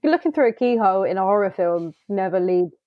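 A woman, co-hosting a casual podcast and chatting hesitantly, with many pauses and trailing phrases. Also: mid-range voice, animated, no room sound. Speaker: podcast co-host. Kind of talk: casual chat. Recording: dull, dry lo-fi sound.

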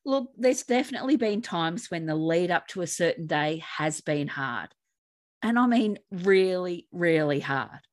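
Calm Australian woman with a lowish voice. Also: unhurried. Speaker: podcast co-host, grief coach. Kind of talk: podcast conversation.

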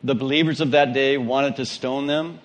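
A man's voice: medium pitch, steady tone, normal speed. A male pastor with a Southern twang, reading scripture and preaching an emphatic sermon that asks questions of the congregation.

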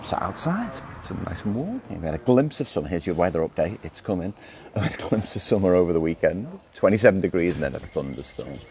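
Very deep-voiced man chatting at a street café. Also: very animated, brisk, vocal fry. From Australia. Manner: chatty, rambling, self-interrupting. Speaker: podcast host. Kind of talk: casual solo podcast chat. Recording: noisy outdoor street recording. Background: street ambience, birds and passing cars.

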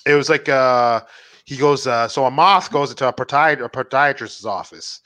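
A podcast co-host from Montreal, Canada, speaks at a moderate pace in a mid-range voice, with no echo. He's an animated storyteller retelling comedy bits casually, swearing a lot and restarting his sentences often.

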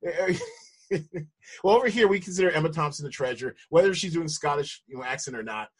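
A man's voice: a little high, expressive, brisk, breathy edge. An American man co-hosting a podcast, chatting casually and rambling, with lots of restarts and easy laughs. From United States. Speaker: podcast co-host. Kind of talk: casual chat.

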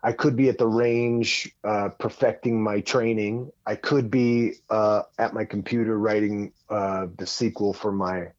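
A man's voice: lowish voice, measured pace, hardly any pauses, dry recording, lo-fi sound. A man telling a long story in casual podcast chat as a guest, rambling and heavy on swearing. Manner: profane, rambling, animated.

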